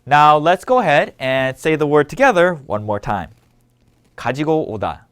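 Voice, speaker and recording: A man leads a scripted language lesson with a slightly high voice that moves a lot in pitch. He explains each word clearly and patiently. He keeps asking listeners to read along and repeat after him. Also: big pitch swings, normal speed, fairly bright tone. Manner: clear, patient instructional delivery. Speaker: language teacher.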